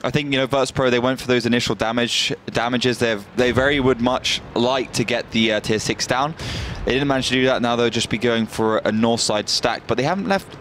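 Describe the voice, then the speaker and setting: A male esports caster talking through a match in a loose, chatty way, stopping now and then with fillers and restarts. His voice sits at an ordinary middle pitch. A faint hum of ambience runs underneath. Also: a little fast, hardly any pauses, a bit bright. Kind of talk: casual play-by-play analysis.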